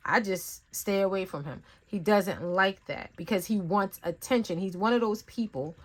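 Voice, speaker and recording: A woman's voice: mid-range voice, moderate pace. Chatty woman giving a rambling tarot reading. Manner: rambling and conversational, many fillers; animated storytelling with acted-out asides. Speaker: tarot reader. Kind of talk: casual spiritual reading talk.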